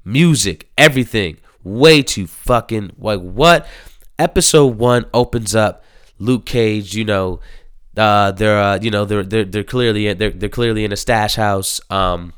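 Low, smooth-voiced man rambling about TV. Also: unhurried, fairly bright tone, no echo, clean studio sound. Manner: rambling, profane, heavy with fillers. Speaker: TV show reviewer. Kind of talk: casual spoken TV review.

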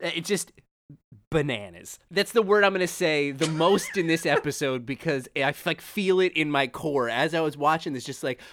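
A man's voice: a little high, expressive, normal speed, a bit bright, a little hiss or hum. A man co-hosting a TV recap podcast in loose, profane, emphatic chat. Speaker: podcast co-host.

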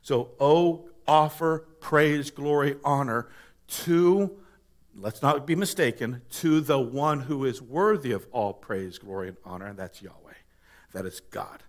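A man's voice: medium pitch, measured pace. A male pastor preaching a conversational sermon, repeating words and building to emphatic praise.

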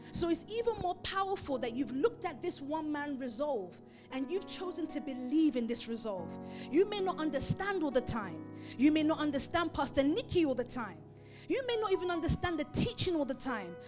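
A woman preaching a sermon, emphatic and building her points through repeated phrases. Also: high voice.

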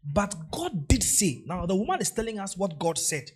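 A man's voice: high voice, big pitch swings, normal speed, husky, soft background music. Male pastor preaching, voice rising and falling a lot, keeps repeating the big lines and asking the room to say it with him. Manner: emphatic, repeats key phrases; draws the congregation in to repeat and answer. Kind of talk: sermon.

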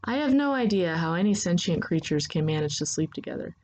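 A woman's voice: fairly low pitch, lively intonation, fairly quick, a little mellow, slight background noise, natural voice. A woman voicing a prickly, sarcastic nonhuman crewmember, raising her voice into snappy retorts. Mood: dry, sardonic.

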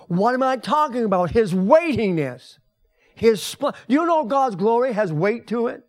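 A man's voice: extremely high pitch, very animated, a little slow. An older man, a pastor and grandfather, preaching a folksy, conversational sermon to his congregation in a church. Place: church sanctuary.

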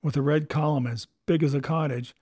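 A man reading a classic adventure novel aloud as narrator, with steady storytelling. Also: a little high, brisk, dry recording, clean studio sound. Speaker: audiobook narrator. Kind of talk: scripted narration.

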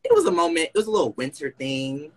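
A young man co-hosting a casual podcast, chiming in with teasing prompts and quick asides. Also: on the high side, wildly swooping pitch, low-quality recording. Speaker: podcast co-host.

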